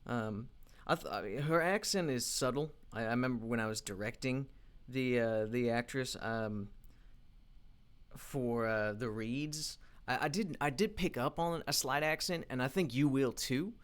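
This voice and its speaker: An independent animation creator speaks in a mid-range voice at a measured pace. In his casual work vlog, he thinks out loud as he animates, rambling and frequently restarting, with plenty of fillers.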